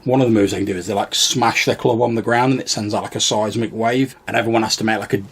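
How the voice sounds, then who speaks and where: Man, game master, casual rambling storytelling, low pitch, husky rasp. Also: steady tone, fast. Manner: rambling, many fillers and restarts. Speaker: podcast co-host and game master.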